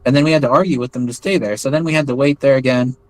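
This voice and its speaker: A man's voice: medium pitch, rapid-fire, no room sound, low-quality recording. A man with an American accent telling a long story as an interview guest, casual and rambling, full of fillers and restarts. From United States. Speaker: interview guest recounting experiences.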